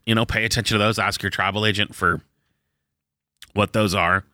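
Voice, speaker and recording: Low, very bright-toned rambling male co-host. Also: fairly even intonation, brisk, no room sound, studio quality. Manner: rambling, filler-heavy storytelling. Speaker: podcast co-host. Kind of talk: casual chat.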